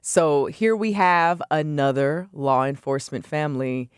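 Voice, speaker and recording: A woman, an actress guesting on a talk show, talking effusively and praising with lively slang. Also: low-pitched, measured pace, clean tone, no room sound, studio quality. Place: TV studio.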